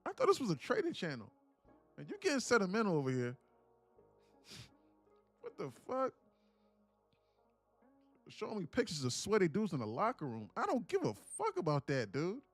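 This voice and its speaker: A man voicing an irate male trader who has lost his money, profane and indignant, shouting at a streamer. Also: on the high side, very animated, a little fast, long pauses, faint music behind.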